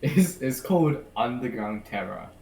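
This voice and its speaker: A male indie game developer answering in short, hesitant bursts, his pitch swinging lively. He sits in an echoey room well away from the mic. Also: normal speed, gravelly. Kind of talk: casual interview answers. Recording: echoey room, heard from far off.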